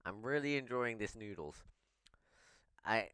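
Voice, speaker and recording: Male mukbang host, unhurried delivery, smooth clear tone, dry close sound, chatty between bites. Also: lowish voice, lively intonation, bright, forceful tone, no room sound. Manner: talks while chewing, slow and playful, begs for subscribers. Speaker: mukbang vlogger. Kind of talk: casual eating vlog.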